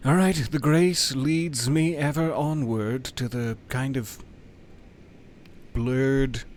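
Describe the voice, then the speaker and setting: A man's voice: medium pitch, steady tone, slow pace, darkish tone. A man streaming a video game, talking casually and playfully to the game and his chat, sometimes reading item text aloud in a mock-dramatic way. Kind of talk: casual gameplay commentary.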